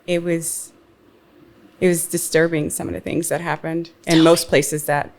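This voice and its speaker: A woman's voice: low-pitched, level tone, a little slow. A woman co-hosting a podcast in casual chat, playful and chatty, who explains things at length. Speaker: podcast co-host.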